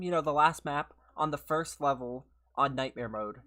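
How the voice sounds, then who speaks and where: Slightly hoarse, chatty gaming streamer. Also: medium pitch, normal speed, fairly bright tone. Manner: chatty, laughs often, greets viewers by name. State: slightly hoarse from a recent illness. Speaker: gaming livestreamer. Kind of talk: casual live-stream chat while playing.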